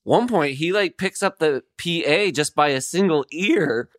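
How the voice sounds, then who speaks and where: A man who is a guest on a podcast, chatting casually and spinning deadpan, absurd stories. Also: fairly high pitch, unhurried, no echo, clean studio sound. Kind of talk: casual comedic chat.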